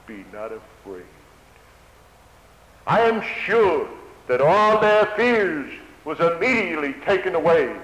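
A man preaching a sermon in an old-fashioned cadence, swelling loud and then dropping to a hush. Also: medium pitch. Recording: echoey hall with faint hiss.

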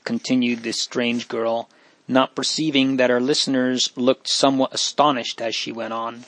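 A man's voice: mid-range voice, flat delivery, moderate pace, fairly bright tone, no room sound. Man narrating a storybook, dry sound.

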